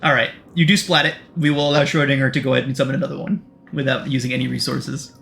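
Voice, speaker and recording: A male game master narrating and ruling a tabletop game with quick, amused delivery. His voice sits at a middle pitch, and a steady hiss of noise runs under the recording. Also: creaky. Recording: noisy home recording.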